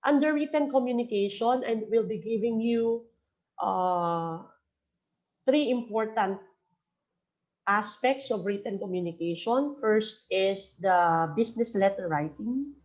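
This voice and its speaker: A woman's voice: mid-range voice, unhurried, darkish tone. A woman from the Philippines leads a workplace training webinar, her mid-range voice coming through slightly dull audio. She explains etiquette step by step and keeps checking in with her listeners, slipping between English and local phrases. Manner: mixes English with local Bicol phrases, frequent "okay?" checks. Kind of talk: webinar lecture on phone and letter etiquette.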